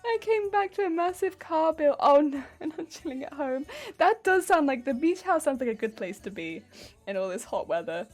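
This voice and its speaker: A woman's voice: high voice, sing-song, moderate pace, a little mellow, faint music behind. A woman streaming from home, chatting casually with viewers while crafting; she giggles often and answers chat playfully. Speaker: livestreamer.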